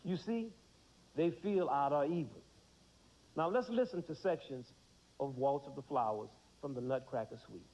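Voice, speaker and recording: A man in his thirties teaches children about music, putting questions to the class and then answering them himself. His voice sits a little high. The sound is dull, like a 1990s TV broadcast. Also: moderate pace, a little mellow. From United States. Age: 30s.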